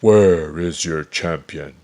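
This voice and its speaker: A huge, boastful giant warrior roars his challenges slowly in a deep, gravelly voice, as a male storyteller puts him on. His laughter booms and mocks. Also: full character voice. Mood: roaring. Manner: roaring, booming, mocking laughter.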